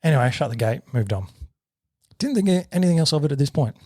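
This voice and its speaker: A man in his thirties with an Australian accent, a podcast co-host telling a story in a sweary, animated way. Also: a little high, fast talker, no room sound, clean studio sound. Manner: sweary, animated retelling with shouted quotes. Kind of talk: casual storytelling.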